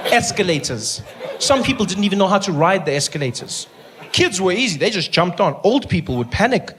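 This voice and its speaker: A man telling a stand-up story with lively, animated energy. His voice sits high for a man, and faint noise hangs behind him. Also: fairly quick. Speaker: stand-up comedian. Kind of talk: stand-up comedy. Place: comedy stage.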